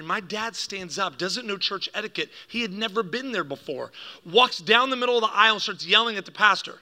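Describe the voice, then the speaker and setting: A man preaching a sermon to a congregation, telling a family story with lively acted-out quotes and laughter at his own jokes. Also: high-pitched, a little fast. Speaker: pastor.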